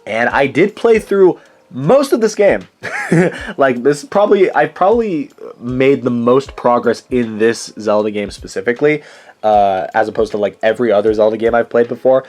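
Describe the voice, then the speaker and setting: A man's voice: mid-range voice, lively intonation, moderate pace, darkish tone. A young man hosting his own channel, chatting casually and rambling through his game collection, often correcting himself mid-sentence. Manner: rambling, chatty, self-correcting with many fillers. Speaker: channel host.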